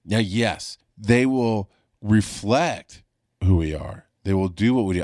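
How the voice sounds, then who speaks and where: A man's voice: lowish voice, animated, moderate pace, a little mellow, dry recording. A man, a paramedic hosting a podcast, speaking frankly and emphatically from his home studio and swearing freely. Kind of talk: candid podcast monologue. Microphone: studio mic on a video call.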